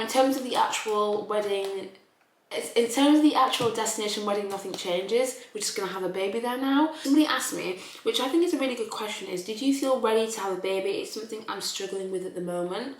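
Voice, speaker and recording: A woman's voice: a little high, echoey room, low-quality recording. A young woman chatting emotionally in a casual vlog, often restarting her sentences. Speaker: vlogger.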